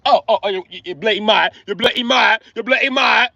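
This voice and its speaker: A man's voice: high-pitched, fairly quick, vocal fry, sharp tone, dry recording, dull audio, pitched above the performer's own voice, full character voice. A man putting on an indignant, sputtering British man for a comic bit. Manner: sputtering, repetitive. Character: mocking Briton, indignant, man.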